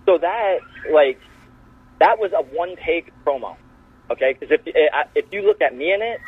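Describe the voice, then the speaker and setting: A man's voice: fairly high pitch, normal speed, husky. A man, a wrestler guest, telling backstage stories in casual chat and acting out the quotes. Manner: animated, acts out quotes in changed voices. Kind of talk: casual storytelling. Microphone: phone call. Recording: tinny phone line.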